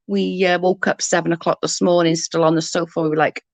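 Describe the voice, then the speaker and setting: A woman's voice: fairly low pitch, flat delivery, normal speed, gravelly, no room sound, low-quality recording. A middle-aged British woman chatting casually with viewers on a livestream, rambling as she answers comments.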